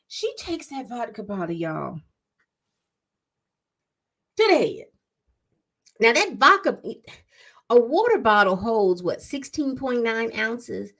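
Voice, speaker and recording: A woman's voice: a little high, unhurried, long pauses. A woman casually recapping a TV episode, acting out the characters' lines as she tells it. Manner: animated storytelling, acts out quotes. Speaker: TV recap vlogger.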